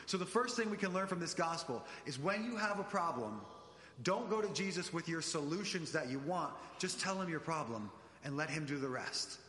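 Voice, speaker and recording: A man delivering an animated sermon, speaking directly to the congregation in a church. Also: fairly high pitch, normal speed. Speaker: preacher. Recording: echoey church hall.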